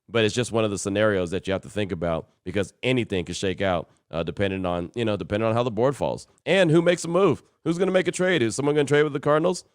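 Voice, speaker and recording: Fast-talking male podcast host. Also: lowish voice, smooth, no echo, studio quality. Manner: chatty, laughs easily, animated when telling stories. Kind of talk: casual call-in podcast talk.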